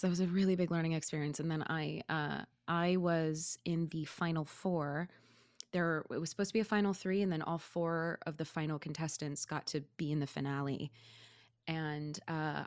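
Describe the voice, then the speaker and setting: A woman's voice: sits low, a little mellow, no room sound, clean studio sound. A woman guest in a casual chat, talkative and often laughing. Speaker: guest, former reality show contestant.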